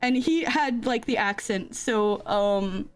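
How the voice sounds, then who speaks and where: A woman's voice: on the high side, takes it slowly, smooth, faint music behind. A young woman streamer chatting casually into a desk mic, telling rambling stories with frequent giggles. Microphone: desk microphone.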